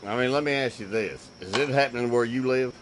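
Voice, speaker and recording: A man's voice: medium pitch, a little fast, slight background noise. A man hosting a casual chat while gaming, speaking bluntly and dryly and sticking stubbornly to his point.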